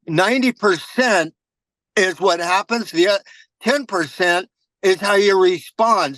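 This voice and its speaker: A man's voice: sits high, a bit bright, no room sound, rough recording. A man telling a motivational story in a casual, earnest way during a team meeting. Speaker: meeting participant.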